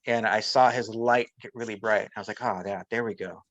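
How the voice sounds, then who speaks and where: A man's voice: lowish voice, fairly even intonation, fairly quick, a bit bright, no echo, lo-fi sound. A man as an interview guest, telling a personal story in casual chat and voicing the people he quotes. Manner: storytelling, often acting out quotes of others.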